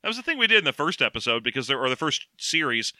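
A man's voice: mid-range voice, big pitch swings, racing, sharp tone, dry recording. A man co-hosting a casual podcast, recapping a story in a joking, rambling way. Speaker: podcast co-host. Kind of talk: casual book-discussion chat.

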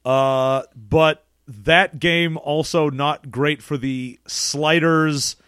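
A man's voice: on the high side, fairly even intonation, very slow, a bit bright, clear, resonant tone, no echo. A young man co-hosting a gaming podcast, talking in a dry, matter-of-fact, wry way. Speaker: podcast co-host. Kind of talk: casual chat.

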